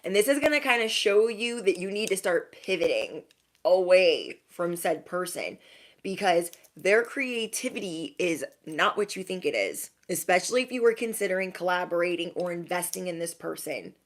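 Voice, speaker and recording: Young woman, intuitive reader, low-ish voice, casual, blunt, chatty. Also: lively intonation, normal speed. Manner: chatty, frank, many "like" fillers. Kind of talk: casual spiritual reading to viewers.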